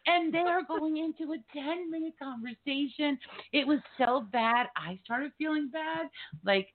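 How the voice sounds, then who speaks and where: A woman hosting a podcast, telling a story in an animated, casual way with swearing and lots of fillers. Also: high-pitched, unhurried, a little hiss or hum. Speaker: podcast host. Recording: tinny phone-like line.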